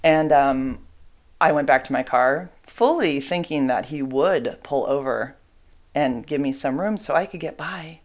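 A woman's voice: sits low, measured pace, darkish tone. A middle-aged woman casually telling a long personal story, rambling with fillers and asides. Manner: chatty, rambling, with fillers and asides to her dogs.

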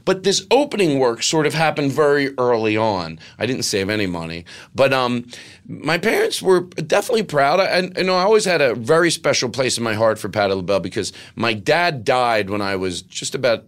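A man's voice: medium pitch, sing-song, fairly quick, a bit bright. A middle-aged man, a comedian, telling a rambling personal story with lots of quoted dialogue. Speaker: guest comedian. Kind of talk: casual storytelling.

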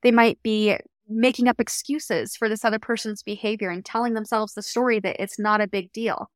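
A young adult woman, a coach hosting a solo podcast, talking in an earnest, reflective and gently encouraging way. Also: medium pitch, fairly even intonation, fairly quick, no room sound, studio quality.

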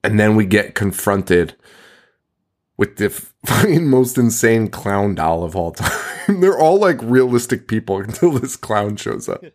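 Animated, laughing man recapping a movie. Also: fairly low pitch, unhurried. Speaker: podcast host.

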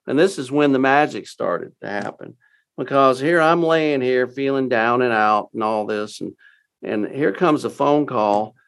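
An older man from Texas, a guest in an interview, telling his story in a folksy, halting way with many fillers and restarts. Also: mid-range voice, fairly bright tone.

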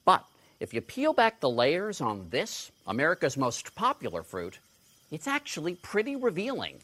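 A man's voice: fairly high pitch, huge pitch swings, moderate pace, fairly bright tone. A man presenting a light news feature, playful and chatty, moving between narration and interviews. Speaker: correspondent.

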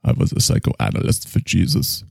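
A man voicing a pompous, tipsy male German psychoanalyst with a put-on German accent, slow and grandiose in his boasting. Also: a little mellow, no echo, clean studio sound, lightly acted. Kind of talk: improvised comedy character.

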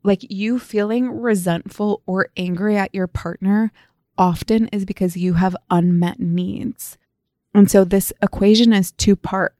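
A woman's voice: medium pitch, steady tone, a little slow, dark tone, dry recording, clean studio sound. A woman co-hosting a podcast in casual chat, retelling stories with quoted dialogue. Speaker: podcast co-host.

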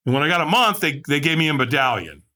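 A middle-aged man, a podcast guest, telling his own story candidly and animatedly, acting out the voices of people he quotes. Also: quick pace. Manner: animated, acts out quoted voices with big pitch jumps.

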